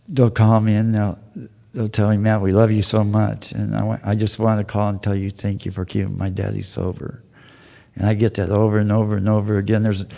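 A man in his fifties delivers a personal testimony at a recovery meeting. His voice sits low, and his storytelling is folksy and full of plain slang. The talk is captured live, with a long reverb from the hall around it. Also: warm tone.

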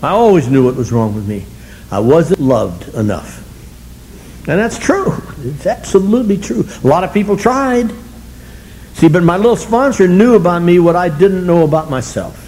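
An older man tells his story to a recovery meeting in a high, mellow voice with lively intonation and a moderate pace. He's blunt and colorful, mocking himself wryly and chuckling often. The recording is rough, with a little hiss or hum.

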